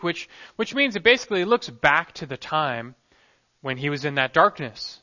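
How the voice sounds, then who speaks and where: A male pastor delivers an expository sermon in an earnest, emphatic way, letting his phrases fall soft at the ends. His voice is bright and forceful and sits a little high. The recording is dull and lo-fi.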